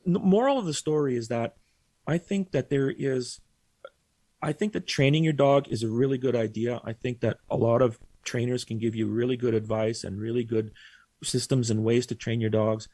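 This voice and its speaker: Man, podcast guest, telling a lively story in a gravelly voice and acting out quotes. Dry close sound. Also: mid-range voice, dry recording. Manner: animated, acts out quoted voices. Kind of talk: casual storytelling.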